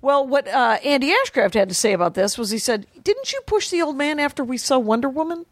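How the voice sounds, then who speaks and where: A woman's voice: high voice, fairly quick. A woman co-hosting a podcast, telling a story in casual chat and acting out the people in it with quoted voices. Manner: animated retelling with quoted voices. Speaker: podcast co-host. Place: podcast studio.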